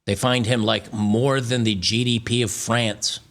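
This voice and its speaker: A man's voice: medium pitch, fairly even intonation, a little slow, a bit bright. A man from the United States hosting an opinion commentary, reading news aloud and reacting, often stumbling and restarting. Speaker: channel host.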